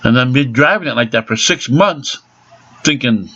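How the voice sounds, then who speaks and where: A man's voice: medium pitch, animated, normal speed, pushed and bright. A man angrily ranting about a botched car repair, swearing heavily. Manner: angry, profane ranting. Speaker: angry car owner. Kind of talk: ranting vlog. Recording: dull lo-fi recording.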